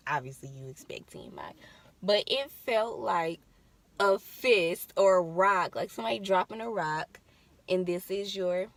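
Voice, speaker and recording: A young woman tells her labor story in a relaxed, chatty way, her voice leaping around as she acts out the drama. The sound is close and dry, with no room around it. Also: on the low side, no echo. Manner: animated, acts out screams and quotes. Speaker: co-host telling her birth story. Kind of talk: casual storytelling chat.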